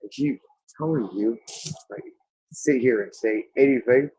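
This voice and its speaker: A man's voice: medium pitch, a little slow, warm tone, breathy edge. A man delivering a rambling monologue, insistent and repetitive, stretching out words for emphasis.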